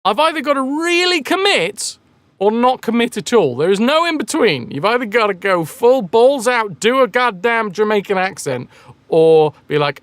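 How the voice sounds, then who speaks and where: A man's voice: very high voice, big pitch swings, normal speed, fairly bright tone, no room sound. A man chatting casually on a game live stream, rambling and joking as he answers chat messages.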